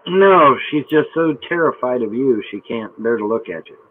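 A man's voice: mid-range voice, animated, moderate pace, dry recording. Rambling man on a tinny chat line. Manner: rambling, joking. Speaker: chat room host. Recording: tinny online chat-room audio.

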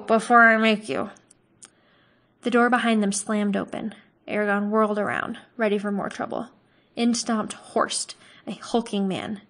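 A woman narrating a fantasy novel aloud in a calm, measured way. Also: medium pitch. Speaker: audiobook reader.

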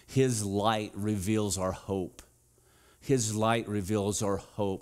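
A middle-aged man and pastor, preaching a sermon, alternating urgent repeated calls with slow, low, deliberate emphasis. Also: clear, resonant tone. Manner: urgent, rising to emphatic repetition.

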